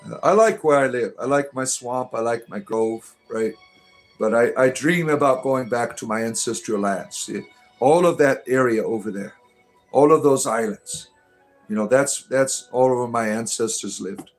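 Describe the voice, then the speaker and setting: A man's voice: mid-range voice, normal speed, faint music behind. A man running a casual, irreverent livestream chat, rambling through jokey mock-sermons with stammering restarts. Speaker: satirical druid streamer answering chat.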